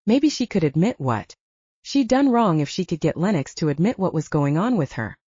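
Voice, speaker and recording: A woman narrating a romance audiobook with expressive storytelling. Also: fairly low pitch, normal speed, husky, dry recording, muffled recording. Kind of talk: scripted narration.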